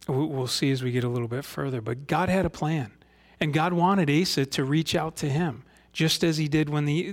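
A middle-aged man preaching a conversational sermon. He reads scripture aloud and speaks in an earnest, folksy way, with frequent rhetorical questions. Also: medium pitch. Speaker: pastor.

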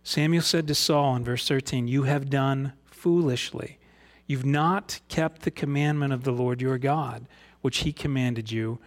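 A man's voice: mid-range voice, unhurried. A middle-aged man preaching a conversational sermon. He reads scripture aloud and speaks in an earnest, folksy way, with frequent rhetorical questions. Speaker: pastor.

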